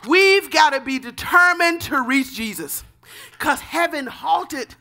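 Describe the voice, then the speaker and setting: Woman preacher, high bright voice, fervent sermon with shouted calls. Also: lively intonation. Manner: softer, measured teaching tone. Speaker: pastor.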